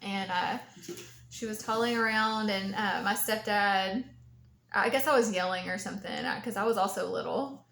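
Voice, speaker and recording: A woman's voice: mid-range voice, normal speed, gravelly, a little hiss or hum. A woman, co-hosting a podcast, chatting casually and laughing as she tells stories. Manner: giggly storyteller, quotes others in lively voices. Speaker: podcast co-host. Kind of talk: casual chat. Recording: echoey room.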